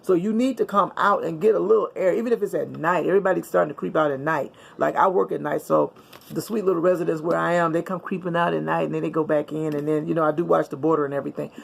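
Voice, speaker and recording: A middle-aged woman talks straight to her viewers in a loose, chatty vlog. Her voice is gravelly and full of fry. She sounds upbeat and a little preachy, and she laughs often. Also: deep voice, steady tone, quick pace. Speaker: vlogger. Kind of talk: casual chat to viewers.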